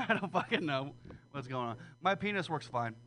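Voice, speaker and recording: A man's voice: on the high side, animated, normal speed, sharp tone. A man doing a rambling, profane, self-deprecating stand-up set at an open mic. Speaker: stand-up comedian. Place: small comedy room with audience.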